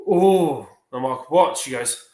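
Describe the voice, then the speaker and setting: A man co-hosting a relaxed livestream, swearing casually while he acts out the people in his stories. His voice sits at an ordinary pitch. The sound has a noticeable room echo. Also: moderate pace. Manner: swears freely, animated retelling. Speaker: livestream co-host. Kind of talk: casual storytelling chat.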